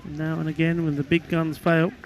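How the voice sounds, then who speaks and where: Relaxed male cricket co-commentator. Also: on the high side, normal speed, vocal fry, slight background noise. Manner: relaxed, appreciative, laughs easily. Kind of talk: live sports commentary.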